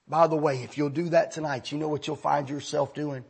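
A man preaching a sermon, telling a story and then leading the room in hushed prayer. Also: fairly high pitch, fairly even intonation, fairly quick, vocal fry, hardly any pauses, slightly rough.

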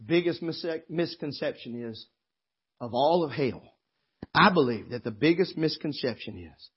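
A man preaching a sermon in church as pastor, moving from quiet scripture reading to impassioned, tearful shouting. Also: mid-range voice, expressive, normal speed, slightly rough. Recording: dull lo-fi sermon recording.

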